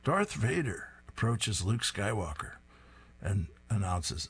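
A man's voice: fairly low pitch, big pitch swings, measured pace, breathy edge. A man hosting a radio reading service, reading comic strips aloud and chuckling after each punchline.

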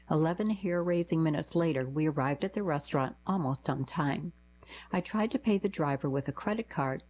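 A woman reading short newspaper diary columns aloud for a radio reading service, in a plain, even manner. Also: low voice, rough recording.

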